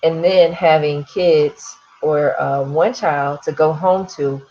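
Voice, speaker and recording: A woman's voice: deep voice, slow, mellow, highs cut off. A woman interviewer in a casual interview, affirming her guest and asking follow-up questions. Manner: encouraging, affirming listener. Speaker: interviewer host.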